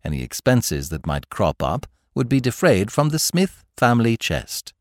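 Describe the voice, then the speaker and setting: A suave young gentleman with an airy drawl, spinning long, elaborate formal phrases, as a male narrator puts him on. His pitch rises and falls freely, and the recording is close and dry. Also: big pitch swings, normal speed, no echo, close to an everyday voice.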